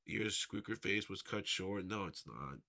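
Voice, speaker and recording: A man's voice: sits low, expressive, unhurried, creaky, bright, forceful tone. A young man chatting casually on a live stream, rambling and answering viewers' chat messages. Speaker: livestreamer. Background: faint background music.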